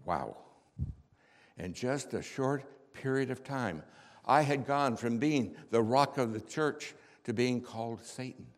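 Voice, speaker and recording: Guy playing peter, earnest and impulsive, slow storytelling with a long echoey hall sound. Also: mid-range voice, lively intonation. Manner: heartfelt storytelling, rising to shouts. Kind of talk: dramatic first-person monologue.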